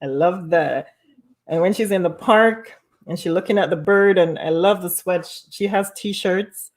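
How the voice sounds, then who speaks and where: A woman with a fairly low-pitched voice hosts a casual live stream from home at a measured pace. Bubbly and chatty, she reads viewer comments aloud and laughs often.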